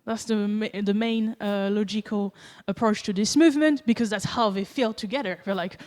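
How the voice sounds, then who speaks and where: With a medium-pitched, slightly mellow voice and a moderate pace, a French-accented woman gives a relaxed, joking conference talk heavy on fillers. Long reverb from the conference hall trails her words.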